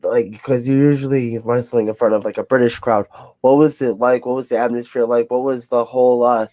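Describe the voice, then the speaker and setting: A man's voice: medium pitch, level tone, brisk, warm tone, no room sound. A man from the United States hosting a podcast, asking questions in a rambling, filler-heavy way. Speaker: podcast host. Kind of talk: casual interview chat.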